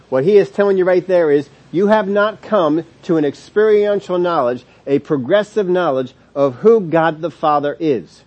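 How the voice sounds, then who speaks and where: A male Bible teacher in mid-sermon, his voice sitting a little higher than most men's. He leans hard on key words, slowing right down to stress them, then rushes on with restarts and little chuckles as he explains. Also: a little mellow, dull audio. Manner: chuckles between points.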